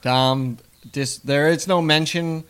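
A man's voice: fairly high pitch, steady tone, slow, a bit bright, clear, resonant tone. A man co-hosting a podcast in casual chat, rambling and joking and often tripping over his words. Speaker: podcast co-host.

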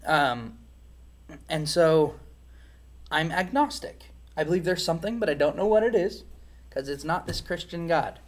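Male interview guest, fairly high voice, candid and reflective personal testimony. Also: moderate pace. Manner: reflective, frank storytelling.

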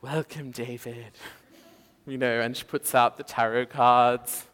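A young man gives a testimony sermon, acting out the people in his story with lively, playful voices. His voice is bright and forceful. It rings with the long echo of a large hall. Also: medium pitch, moderate pace. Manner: animated storytelling, acts out quotes, laughs often. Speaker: preacher. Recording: echoey hall.

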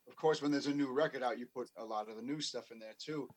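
A man's voice: medium pitch, quick pace, darkish tone. A band member, a man, chatting as a guest in an interview, wry and plain-spoken. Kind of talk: casual interview chat.

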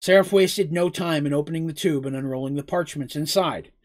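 The narrator reads a fantasy story with expressive flair and a brisk pace at medium pitch, sometimes turning to speak directly to whoever is listening.

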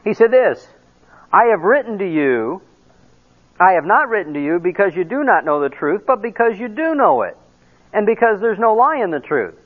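A middle-aged man preaching a sermon, animated, acting out quoted dialogue and asides. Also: high-pitched, moderate pace. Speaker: pastor. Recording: tinny phone-like lo-fi recording.

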